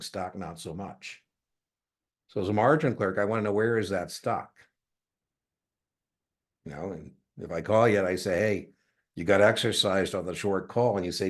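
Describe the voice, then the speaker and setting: Lively man teaching exam prep. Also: deep voice. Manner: animated, jokey, acts out dialogues with students. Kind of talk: lecture class replay.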